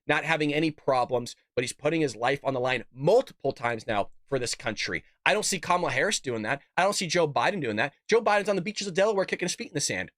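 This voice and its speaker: A combative man runs his own political commentary show, and his words come out in a quick, heated rush. His voice sits somewhat high for a man. It is recorded close and dry, with no room sound. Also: a bit bright, no echo. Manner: combative, emphatic, talks straight to viewers; reads out quotes and tweets.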